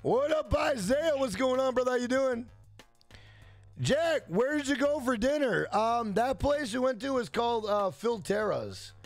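A young man streaming a game, loud and brash, yelling and swearing as he answers his chat. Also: very high-pitched, lively intonation, unhurried, no echo, faint music behind. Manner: loud, yells to be heard; brash and profane, reads chat aloud. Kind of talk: casual live-stream chat.

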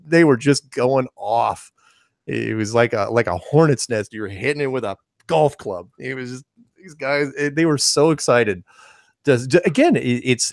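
A man co-hosting a casual podcast conversation, telling stories in an animated way with frequent restarts. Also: mid-range voice, no echo, clean studio sound. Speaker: co-host.

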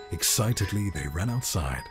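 A woman's voice: very deep voice, expressive, measured pace. A woman voicing the narrator of a rhyming bedtime story in a game. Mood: storytelling. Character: gentle female bedtime storyteller. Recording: game audio with music.

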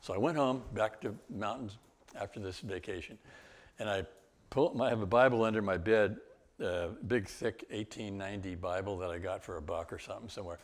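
An older man giving a guest-speaker testimony, telling his story in a lively way with laughs and sudden exclamations. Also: on the low side, a little fast. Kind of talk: testimony talk.

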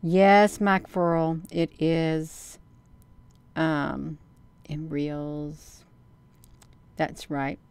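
A woman's voice: deep voice, little pitch movement, very slow, long pauses, darkish tone, clear, resonant tone, no room sound. A woman hosting a casual livestream, rambling and answering viewers' comments. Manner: folksy, rambling, says "you all" and "honey". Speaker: livestream host.

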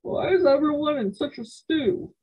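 A woman's voice: sits high, animated, normal speed, highs cut off, pitched above the performer's own voice. A woman voicing a casual, offhand teenage brother.

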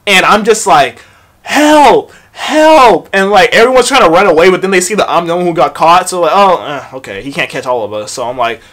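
A young man recounts a school story for his vlog, swearing freely and jumping into lively acted-out quotes. His voice sits a bit higher than most men's. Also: fast, few pauses. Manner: profane, animated retelling with acted-out quotes. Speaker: vlogger.

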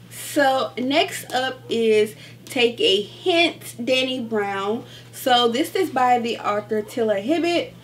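Woman, casual book chat, high-ish voice, animated and gushing, faint hum behind. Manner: animated, gushing, addresses viewers as y'all. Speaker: book vlogger.

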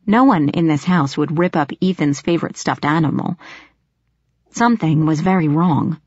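A woman's voice: sits low, moderate pace, husky, no echo. Woman narrating a tense audiobook. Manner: tense storytelling, sharp snapping in dialogue. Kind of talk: first-person audiobook narration. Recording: slightly dull lo-fi audio.

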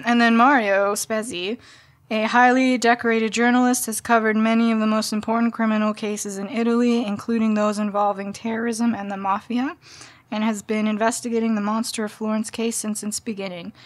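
A woman's voice: a little high, level tone, normal speed. A young adult woman co-hosting a book podcast, chatting bluntly and swearing freely. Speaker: podcast co-host. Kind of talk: casual book-club chat.

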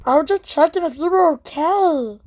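Woman as a snippy, rambling animatronic; high voice. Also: animated, moderate pace, a little mellow. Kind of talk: fan plush-toy drama.

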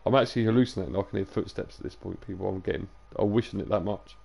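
A young man with a low, gravelly voice rambles casually to his live stream audience. He is tired and talks loose and sweary between bits of gameplay. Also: very fast, darkish tone. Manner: loose, sweary banter to chat, drifting into sing-song and whispers. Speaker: game streamer.

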